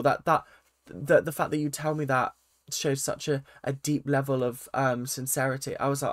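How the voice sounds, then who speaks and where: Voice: medium pitch, little pitch movement, normal speed, dry recording, studio quality. A reality TV reaction vlogger, casual and sarcastic, often repeating phrases in exasperation.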